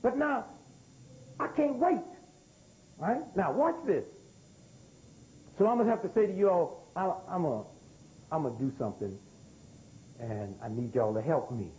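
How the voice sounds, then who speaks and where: A man's voice: a little high, moderate pace, pauses often, slight background noise, rough recording. A man in his sixties giving a live lecture, calling out to the audience for answers and hammering key words through repetition. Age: 60s. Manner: animated, calls out to the crowd for responses; emphatic, repeats key words.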